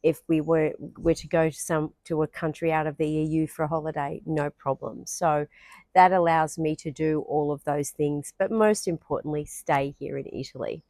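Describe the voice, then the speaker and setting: An Australian woman explains her own experience in a casual, chatty vlog, pausing on ums and restarting her sentences. Her voice sits a little low for a woman. The sound is dry and close, with no room echo. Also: fairly even intonation, warm tone. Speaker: vlogger.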